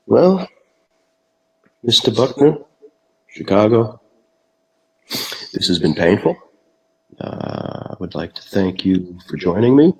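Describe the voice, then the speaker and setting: Male host, deep husky voice, self-deprecating, slow and halting. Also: low-quality recording. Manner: self-deprecating, hesitant with many fillers. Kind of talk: mock interview livestream.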